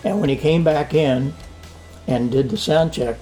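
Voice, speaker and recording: The older man being interviewed here is a sound engineer, speaking in his home studio over soft background music. His voice is on the high side and unhurried; he's an animated storyteller who acts out the conversations he describes.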